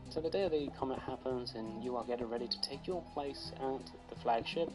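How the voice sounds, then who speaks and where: A woman's voice: rumbling low, fairly quick, rough recording. Chatty woman streamer, wry storyteller, music playing under her. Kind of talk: casual retelling while gaming. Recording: background music.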